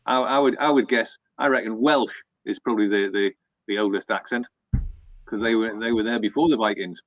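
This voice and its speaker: A man's voice: on the low side, steady tone, a little fast, dry recording. Hesitant Geordie man, dull dry mic. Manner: hesitant, thoughtful. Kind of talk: casual banter on a live stream.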